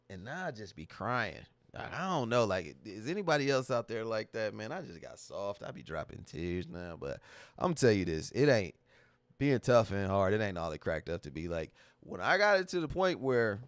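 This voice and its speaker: A man's voice: mid-range voice, dry recording. A man hosting a livestream, talking casually to his chat in a candid, emotional, slang-heavy way that repeats itself. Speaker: livestream host.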